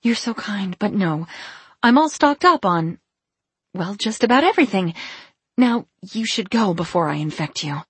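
A woman reading the part of a flustered woman who keeps up a forced airy brightness. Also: medium pitch, sing-song, moderate pace, husky, no room sound. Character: Edith, flustered woman hiding something.

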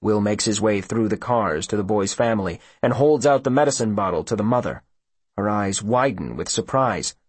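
A male audiobook narrator with a husky voice and a lively, rising and falling delivery. He tells the story expressively, recorded close and dry with no room sound. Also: on the low side, normal speed, no room sound. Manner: expressive storyteller voicing each character.

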